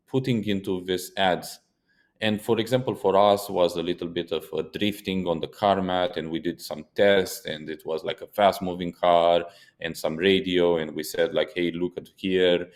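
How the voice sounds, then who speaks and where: Deep-voiced man, animated podcast co-host. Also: moderate pace. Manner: animated storyteller who swears for emphasis. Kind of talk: casual podcast discussion.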